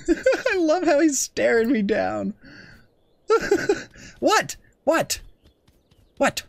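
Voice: high-pitched, big pitch swings, very slow, vocal fry, long pauses, no room sound. A young adult gaming host giving giggly, playful let's play commentary and often talking as the goose.

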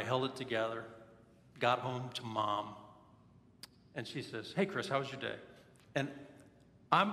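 A man's voice: mid-range voice, vocal fry, a bit bright. A man preaching a sermon, telling personal stories in an earnest, candid way. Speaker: pastor. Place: church sanctuary. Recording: echoey church hall.

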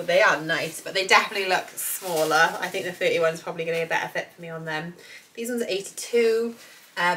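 A British woman in her thirties talks her way through a clothing haul in a chatty, meandering way, full of fillers and excitement. Her bright, forward voice is a little hoarse, as if she is still getting over a cold. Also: fairly low pitch, a little hiss or hum, rough recording. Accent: British English. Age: 30s. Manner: chatty, rambling, enthusiastic, many fillers. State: slightly hoarse, recovering from illness. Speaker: fashion vlogger. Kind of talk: casual try-on haul chat.

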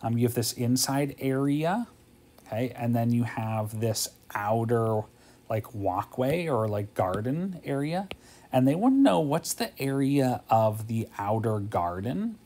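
A man with a gravelly, creaky voice at an everyday middle pitch talks through a math lesson. He sounds tired and casual, thinking aloud and asking "okay?" again and again as he works each step. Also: lively intonation, measured pace, warm tone. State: tired, yawning. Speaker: math teacher. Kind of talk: homework walkthrough lesson.

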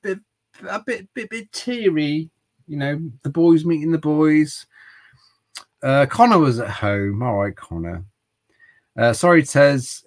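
On a rough recording, a middle-aged man with a fairly high-pitched voice talks loosely while playing retro games on stream. His casual chat wanders, with jokes and halting restarts.

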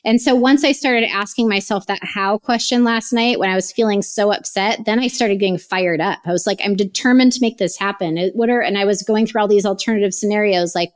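A woman in her late thirties, a podcast guest telling a personal story in an animated, chatty way and acting out her own past words. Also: medium pitch, fairly quick, few pauses. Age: 30s. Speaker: podcast guest, real estate investor. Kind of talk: casual interview chat.

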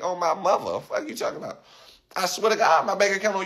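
A man talking casually to his livestream viewers, animated and rambling, repeating himself often. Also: high-pitched, fast.

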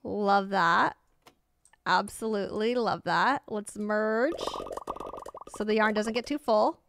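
A young American woman chatting excitedly while livestreaming a game, reading out chat and reacting with bubbly exclamations. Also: medium pitch, slow pace, slight background noise. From United States. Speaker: streamer. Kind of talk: live game commentary.

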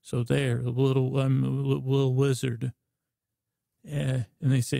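A man hosting a bedtime podcast, rambling in a meandering, self-interrupting way with deadpan nonsense and a slow drawl. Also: medium pitch, creaky, no echo, studio quality. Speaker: podcast host.

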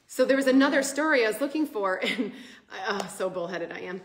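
A woman's voice: medium pitch, fast. A woman giving a casual devotional talk, telling stories with laughs and acting out the quotes. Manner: animated, laughing storyteller who acts out quotes. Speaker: Bible study speaker. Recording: echoey room.

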